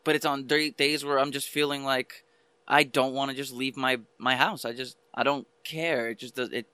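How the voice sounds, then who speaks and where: A man's voice: medium pitch, steady tone, normal speed, sharp tone, smooth, dry recording. A man co-hosting a casual podcast, speaking emphatically and from the heart, often repeating his words. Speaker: podcast co-host.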